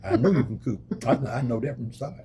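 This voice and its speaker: A man, the host's husband, tastes the food with her in a casual kitchen chat, speaking quietly and in a low-key way. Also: fast talker, a crowd in the background. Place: home kitchen.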